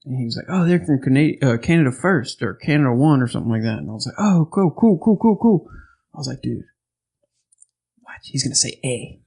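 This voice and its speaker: A man's voice: medium pitch, fast talker, creaky, a little mellow, breathy edge. A man hosting a podcast, joking and wisecracking in casual chat.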